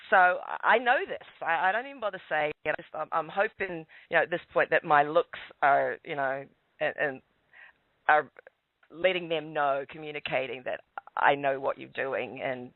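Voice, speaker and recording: An Australian man telling a long personal story calmly on a call-in radio show, with many restarts. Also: fairly high pitch, normal speed, no room sound. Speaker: guest telling his story. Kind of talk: casual radio call-in chat. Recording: tinny phone line, dry.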